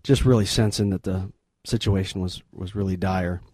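A middle-aged man, a missionary guest in an interview, retelling a story in an earnest, halting, sombre way. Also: low-pitched, fairly even intonation, darkish tone, dry recording.

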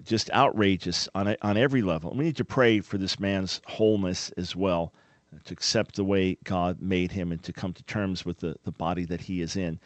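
A man's voice: sits low, fairly even intonation, normal speed, dry recording. A man hosting a call-in radio show, explaining things in an earnest, emphatic way.

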